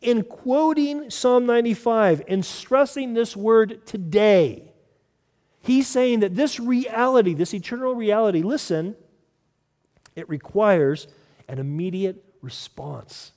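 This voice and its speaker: A male pastor preaching a sermon in an earnest manner, repeating key phrases and dropping to soft emphasis. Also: high voice, expressive, takes it slowly, big-room sound.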